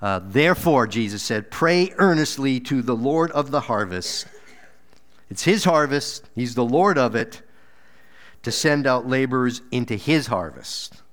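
A man's voice: expressive, measured pace, fairly bright tone. Earnest man preaching a sermon. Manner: earnest, exhorting, repeats words, rises for emphasis then drops low. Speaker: pastor. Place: church.

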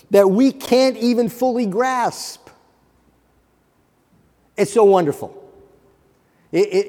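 A man preaching a sermon, earnest and building to fervent emphasis, with halting restarts. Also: sits high, darkish tone. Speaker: pastor. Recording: long hall reverb.

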